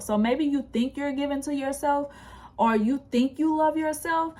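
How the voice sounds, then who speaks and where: A woman's voice: medium pitch, a little mellow. A woman giving a casual pick-a-card tarot reading, chatty and encouraging, with lots of restarts. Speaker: tarot reader.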